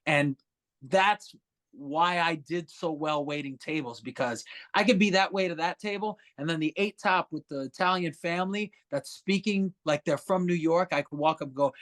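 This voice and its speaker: Speaking at a moderate pace with a fairly high pitch, this man is a musician appearing as a podcast guest. His storytelling is loose and lively, full of swearing and impressions of other people.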